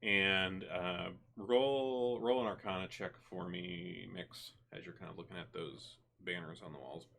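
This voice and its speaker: A man narrating a tabletop game as game master, relaxed and full of fillers. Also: low-pitched, measured pace, creaky, few pauses. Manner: relaxed, many fillers and restarts.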